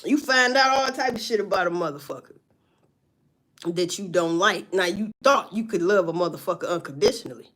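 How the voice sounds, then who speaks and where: Speaking fairly quickly in a lowish voice, a woman in her 40s rants casually to her viewers. She's loud, curses freely and tells lively stories while laughing.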